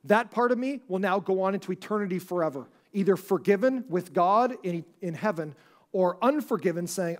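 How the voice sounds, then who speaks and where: A man's voice: sits high, expressive, brisk. A man preaching a sermon as pastor, talking conversationally with many restarts and asking the congregation questions. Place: church service before a congregation.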